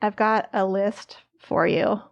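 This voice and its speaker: A woman hosting a podcast in casual chat, chatty and quick to laugh. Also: mid-range voice, fairly even intonation, no room sound, lo-fi sound. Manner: giggly, chatty. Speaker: podcast co-host.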